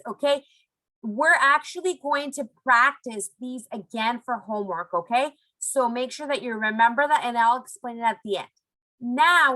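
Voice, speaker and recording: Bright encouraging woman teacher. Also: high voice, rough recording. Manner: encouraging, slow modelling of phrases. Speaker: elementary Spanish teacher. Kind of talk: recorded online lesson for young students.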